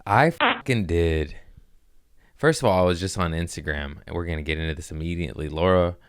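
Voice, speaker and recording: A man's voice: sits low, a little fast, smooth, no room sound, clean studio sound. A young man hosting a podcast in a podcast room, chatting casually in a rambling, profane, joking way. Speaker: podcast host. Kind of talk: casual comedic podcast chat.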